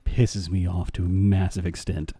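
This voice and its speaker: A man's voice: deep voice, level tone, normal speed, warm tone, breathy edge. A man chatting casually on a live game stream, rambling and answering his chat.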